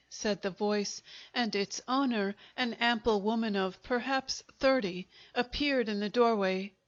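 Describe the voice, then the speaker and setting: A woman narrating a short story in a measured, even storytelling manner. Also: a little high. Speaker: audiobook narrator. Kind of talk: scripted narration. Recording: dull lo-fi recording.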